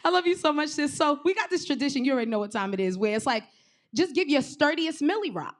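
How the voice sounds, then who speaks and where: A woman's voice: high voice, fast, no room sound, clean studio sound. A woman from Brooklyn, hosting a live stage show with lots of energy, calling out to the crowd. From Brooklyn, New York. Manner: energetic, hype, addresses crowd as y'all. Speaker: show host. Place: stage of a performing arts venue.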